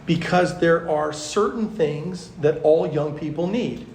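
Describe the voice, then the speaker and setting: A man, a pastor, teaching at a youth conference in a chatty, animated storytelling way, full of fillers. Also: fairly high pitch, takes it slowly, a little hiss or hum. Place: large conference hall. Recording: echoey hall.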